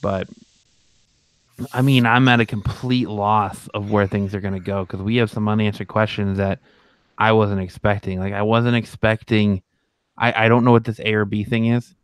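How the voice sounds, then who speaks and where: A man's voice: lowish voice, little pitch movement, moderate pace, clear, resonant tone, no echo. A man co-hosting a fan podcast, talking casually and rambling with many restarts and fillers. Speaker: podcast co-host.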